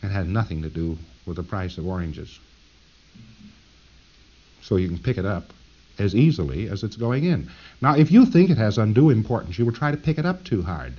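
Low-voiced man lecturing on dull tape. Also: lively intonation, moderate pace, long pauses, warm tone, breathy edge. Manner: conversational, jokey, acts out little scenes. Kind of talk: lecture to trainees.

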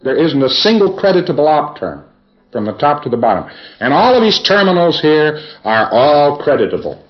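A man's voice: a little high, big pitch swings, moderate pace, dull audio, soft background music. A man giving a rambling, folksy lecture, reviewing sessions for a class with chuckles and asides.

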